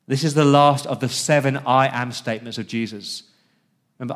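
A man's voice: medium pitch, flat delivery. Earnest man preaching a sermon. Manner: earnest preaching, drops to a hush on key words; reads scripture slowly and deliberately. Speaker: pastor.

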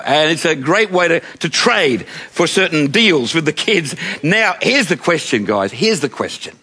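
An older Australian man gives a chatty, storytelling sermon in a high, ringing voice. He talks with a bright, forceful edge and often turns to ask his listeners questions. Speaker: preacher.

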